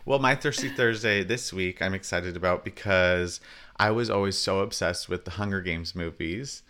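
A man co-hosting a pop-culture podcast in casual chat, laughing often and talking in quick asides. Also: low-pitched, bright, forceful tone. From Southern California. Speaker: podcast co-host.

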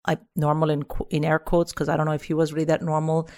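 Lower-voiced comedian woman from India. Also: little pitch movement, fast, a little mellow. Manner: vivid storytelling, voices the people in her story. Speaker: comedian guest. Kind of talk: animated comic storytelling.

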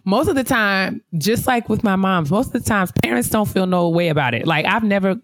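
A woman co-hosting a show, chatting casually and telling animated stories. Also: mid-range voice, brisk, no echo, clean studio sound. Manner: animated, acts out other people's voices. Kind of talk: casual chat, storytelling.

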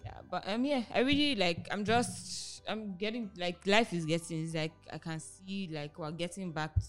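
Co-host: young woman, relaxed and teasing, low-ish voice, faint music under. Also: normal speed. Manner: laid-back, teasing, short agreeing replies. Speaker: podcast co-host. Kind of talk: casual chat.

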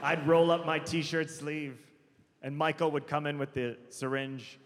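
On a large theater stage, a man performs stand-up, telling a story with acted voices into a handheld mic as the audience laughs. His voice is on the high side, level and unhurried, with faint crowd noise filling the big hall.

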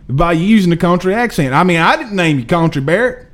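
A man hosting a live sports talk show, reading viewer comments in an emphatic, animated, slangy way. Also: sits high, brisk. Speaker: host.

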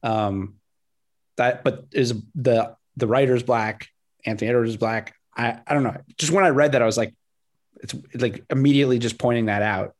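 A man co-hosting a casual sports podcast, telling a story with animated energy and laughing between lines. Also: medium pitch, moderate pace. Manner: animated storyteller, reading quotes aloud and laughing. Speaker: podcast co-host.

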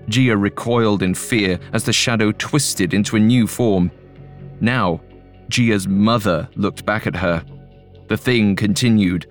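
Low-voiced man narrating a horror story. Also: slow pace. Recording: faint music bed.

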